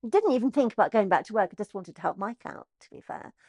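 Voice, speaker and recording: A woman's voice: medium pitch, fast talker, dry recording, studio quality. Chatty middle-aged woman telling stories. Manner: chatty, animated, acts out quoted voices. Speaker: estate agent guest. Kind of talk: interview storytelling.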